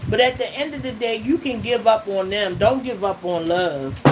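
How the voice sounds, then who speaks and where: A woman of medium pitch, speaking at normal speed, reads tarot for her channel's viewers. Her delivery is emphatic and casual, full of laughs and "okay?" or "all right?" check-ins, over a steady hum of background noise.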